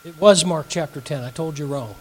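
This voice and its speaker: A man's voice: fairly high pitch, fairly quick, husky, poor audio. A male pastor teaching an evening Bible lesson, reading scripture aloud and putting questions to his audience.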